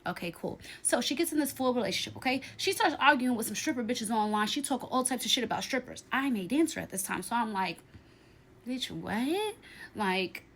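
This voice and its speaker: A young woman with a fairly high voice tells a storytime in a brash, emphatic, profane way. She keeps checking in with the listener and drives each point home. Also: lively intonation, fast talker, few pauses, fairly bright tone. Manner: brash, profane, emphatic, tags lines with "okay?". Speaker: storytime vlogger. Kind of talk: casual storytime.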